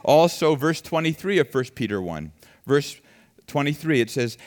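Male preacher, slightly raised pitch, animated delivery with loud and soft turns. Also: moderate pace. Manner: animated, swings from soft to loud with acted quotes. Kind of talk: sermon.

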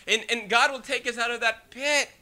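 A man delivering a lively sermon in a high, very bright voice. He preaches in an animated, rhetorical way and keeps checking in with the listeners. He also reads scripture in old-fashioned wording. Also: normal speed.

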